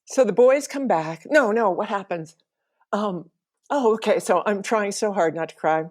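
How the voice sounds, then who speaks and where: A woman's voice: mid-range voice, moderate pace, a little mellow. A middle-aged woman telling a personal travel story, emotional and laughing now and then as she recalls it. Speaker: podcast storyteller.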